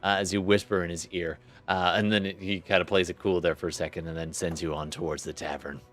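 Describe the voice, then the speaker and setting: A man's voice: low voice, flat delivery, quick pace, fairly bright tone, faint music behind. A man running a tabletop game as game master in a laid-back, chatty way.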